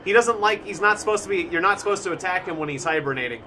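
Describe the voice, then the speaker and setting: A man live-streaming a survival game, talking through his moves as he plays, now and then breaking into shouts. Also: high-pitched, fast talker, few pauses, faint music behind. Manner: animated, thinking aloud, bursts of shouting. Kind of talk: live-stream gameplay commentary.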